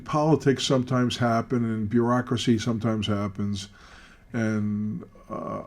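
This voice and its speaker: A man's voice: lowish voice, darkish tone. Earnest older man telling a story. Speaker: podcast guest, charity founder. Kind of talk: storytelling in casual interview.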